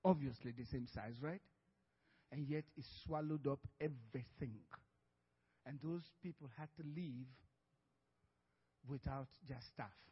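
A man's voice: a little high, breathy edge, long reverb tail, lo-fi sound. A man preaching a sermon as pastor, telling a story with frequent laughter and acted-out dialogue.

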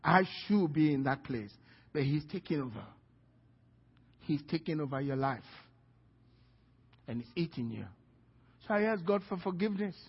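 A man's voice: fairly high pitch, expressive, normal speed, pauses often, husky, long reverb tail, muffled recording. A male pastor telling a personal story in a sermon, acting out the dialogue and often repeating his words. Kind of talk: sermon testimony.

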